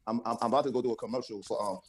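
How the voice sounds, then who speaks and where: A man's voice: mid-range voice, steady tone, rapid-fire, a little hiss or hum, rough recording. A man being interviewed as a rapper, laid-back and casual, often repeating words.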